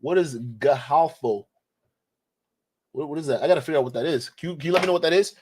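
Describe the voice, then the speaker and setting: This livestream commentator from Nigeria has a husky, fairly high voice and a quick pace. He reads super chats and gives viewers shout-outs in a relaxed, rambling way, cracking jokes and laughing frequently.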